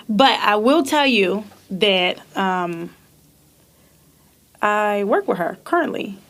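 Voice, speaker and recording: A woman in her thirties co-hosting a podcast, telling stories in animated, profane casual chat and laughing often. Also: mid-range voice, very slow. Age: 30s. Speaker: podcast co-host.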